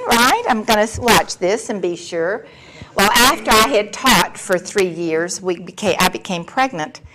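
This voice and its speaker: A woman's voice: mid-range voice, poor audio. A woman, giving a candid personal recovery share with a wry, storytelling manner. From Texas. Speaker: recovery meeting speaker.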